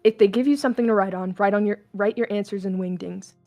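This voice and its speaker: A guarded, bitter young skeleton soldier gives low, commanding orders, as a woman reads his lines aloud. The voice stays close to plain reading, with no heavy character put on. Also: fast, a little mellow, faint music behind, natural voice. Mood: instructing.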